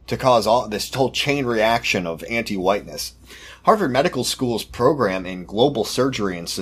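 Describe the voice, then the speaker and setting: A podcast host with a medium-pitched, slightly breathy voice reads news articles aloud. He comments on them in a sarcastic, mocking way.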